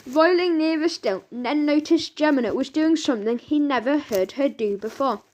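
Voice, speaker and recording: A woman narrating a children's audiobook in a lively storytelling manner. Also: sits high, normal speed. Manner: lively storytelling with sound words.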